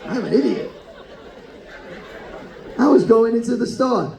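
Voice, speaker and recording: A man's voice: very high-pitched, lively intonation, vocal fry, darkish tone, echoey room, a faint crowd, poor audio. Teasing man hosting a game show. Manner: teasing, quick banter, often laughing. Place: cruise ship show lounge.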